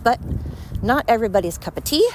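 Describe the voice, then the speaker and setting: A woman records her solo podcast while walking by a road at night, panting and jumping between thoughts in a chatty, self-deprecating manner. Her voice runs on the high side, quick and lively, with background noise.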